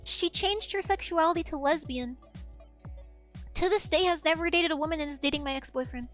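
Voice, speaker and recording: With an extremely high pitch and a fairly bright tone, this young female streamer talks fairly quickly while faint music plays behind her. Her casual chat is candid and meandering, repeatedly fading into "I don't know."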